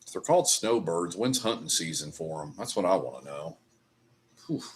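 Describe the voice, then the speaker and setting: A man's voice: low voice, animated, moderate pace. A middle-aged man hosting a livestream, chatting casually over whiskey in a rambling, profane ranting way. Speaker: livestream host. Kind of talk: casual chat while drinking whiskey.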